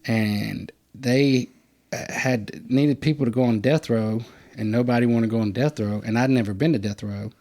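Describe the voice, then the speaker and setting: Male podcast host, conversational and animated, mid-range voice. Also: normal speed. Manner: animated storyteller, acts out quotes in a higher voice. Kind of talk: casual storytelling chat.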